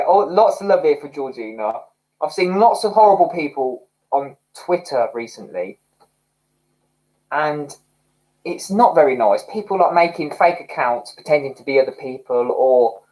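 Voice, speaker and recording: A man's voice: on the high side, darkish tone, poor audio. A young man hosting a livestream, chatting casually and rambling expressively while reading out comments. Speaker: livestream host.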